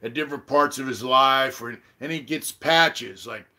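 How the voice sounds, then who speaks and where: A middle-aged man hosting a casual live-stream chat, telling a profane story and loudly acting out what others said. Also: medium pitch, moderate pace. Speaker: channel host.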